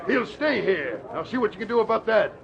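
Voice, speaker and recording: An actor playing a curt, commanding police officer in an old radio drama. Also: male voice, sits high, big pitch swings, brisk, gravelly, full character voice. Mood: stern. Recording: dull lo-fi old radio recording with crowd.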